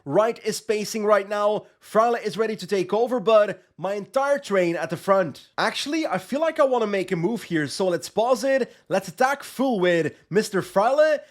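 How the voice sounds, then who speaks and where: A man's voice: high voice, normal speed, few pauses. A young man giving live commentary on a cycling management game, getting worked up and pleading with his riders at tense moments. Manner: excitable, shouts and pleads at close finishes. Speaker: gaming YouTuber.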